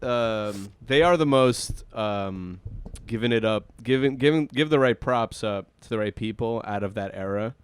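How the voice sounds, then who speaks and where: A man's voice: on the low side, moderate pace, clear, resonant tone. A young man co-hosting a podcast, laughing often and talking with hesitant asides. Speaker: podcast co-host. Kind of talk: casual chat.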